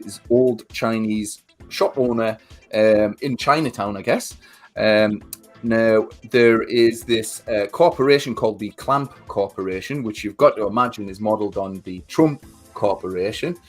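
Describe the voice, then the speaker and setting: A man co-hosting a livestream, recapping a movie plot in a rambling, sweary way. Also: lowish voice. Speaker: livestream co-host. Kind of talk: casual movie chat.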